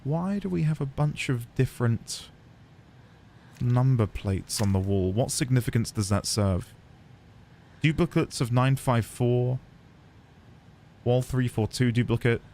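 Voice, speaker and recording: A man's voice: mid-range voice, expressive, unhurried, long pauses, dark tone, slight background noise. A man streaming a game, musing aloud playfully as he reads notes and explores. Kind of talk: let's-play commentary.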